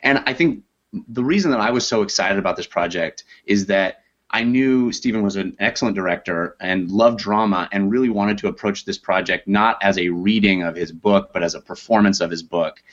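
A man, an actor and audiobook narrator, talking in a relaxed, self-deprecating way in a podcast interview. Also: fairly low pitch, fairly quick, highs cut off.

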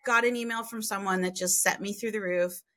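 A woman guesting on a podcast, telling frank, animated stories with mild swearing and big jumps in pitch for emphasis. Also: a little fast. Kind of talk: candid conversational storytelling.

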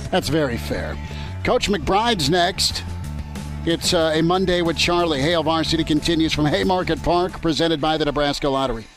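A man's voice: a little high, normal speed, a bit bright, faint music behind. A man hosting sports talk radio from a ballpark, bantering in a loose, joking way. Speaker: radio show host. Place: outdoors at a ballpark.

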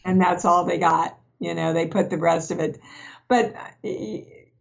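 A woman's voice: lowish voice, steady tone, measured pace, vocal fry. Candid woman guest on a dull recording. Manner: candid, frank storyteller. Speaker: guest actress. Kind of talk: casual film discussion.

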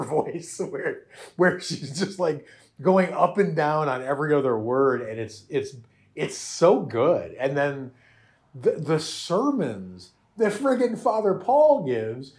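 A man's voice: on the high side, lively intonation, unhurried. A man hosting a podcast, chatting animatedly about a show with frequent laughs and restarts. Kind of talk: casual chat reviewing a show.

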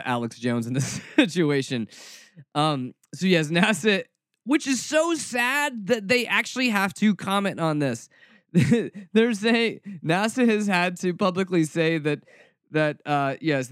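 A man with a somewhat high voice hosts a casual commentary podcast, full of sarcasm and mock drama. His delivery is snarky and playful, and it sounds dry and close, with no room echo. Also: fairly bright tone. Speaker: podcast host.

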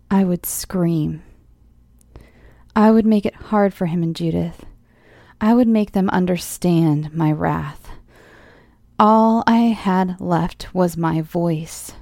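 A woman narrating a first-person horror story in a measured way, often dropping to a tense whisper. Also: fairly low pitch, creaky, dark tone, no echo. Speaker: audiobook narrator.

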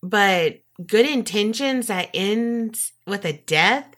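Woman co-host, unhurried, animated chat, swears a lot, acts out quotes. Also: medium pitch. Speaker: podcast co-host. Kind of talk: casual true crime chat.

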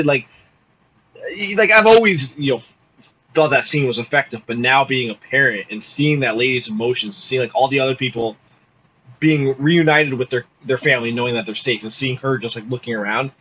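A man co-hosting a podcast, talking in an excitable, profane way during casual chat. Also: medium pitch, moderate pace, slightly rough. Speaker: podcast co-host. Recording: slightly dull audio, faint noise.

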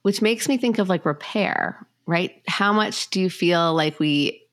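Low-voiced woman podcast host. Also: a little slow, no echo, studio quality. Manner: thoughtful, asks long searching questions. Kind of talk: podcast interview.

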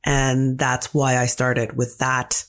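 A woman playwright being interviewed, telling stories in a lively way and acting out the quotes. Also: rumbling low, takes it slowly. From Canada. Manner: animated storyteller who acts out quotes. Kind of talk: casual interview talk.

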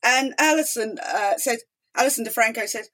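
A woman's voice: a little high, normal speed. A middle-aged woman, a talk show host as guest, telling stories emphatically and acting out quotes in a chatty interview. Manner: animated, emphatic, acts out quotes. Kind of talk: storytelling interview chat.

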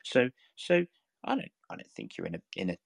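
A man's voice: deep voice, wildly swooping pitch, fairly quick, creaky, no echo. A man giving earnest, encouraging talk in a live audio room, coaxing and repeating himself as he builds his points. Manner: earnest, repetitive, coaxing, full of restarts.

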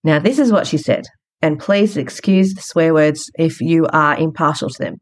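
A woman's voice: sits low, moderate pace. A woman hosting a podcast, telling a story in a frank, chatty way. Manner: frank, chatty, retells conversations. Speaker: podcast host. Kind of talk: casual storytelling monologue.

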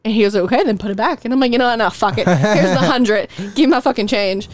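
A woman's voice: mid-range voice, quick pace, dry recording. A young woman, a podcast host telling a long, profane story in casual chat and acting out the people in it. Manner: profane, animated storytelling with acted quotes.

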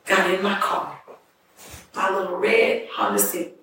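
Woman sharing a testimony, earnest and conversational, mid pitch, heard from a distance in a reverberant room with faint ambience. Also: steady tone, unhurried, fairly bright tone, slight background noise. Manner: earnest, conversational, emotional retelling. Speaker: speaker giving a testimony. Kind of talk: personal testimony storytelling. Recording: distant mic in echoey room.

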